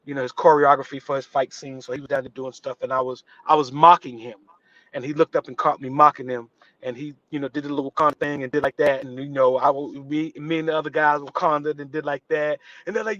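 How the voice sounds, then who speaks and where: A man's voice: on the high side, fast, no echo, muffled recording. A man, an actor guest on a live interview show, telling a story and acting out the voices of the people in it. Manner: animated, acts out quotes with voice shifts.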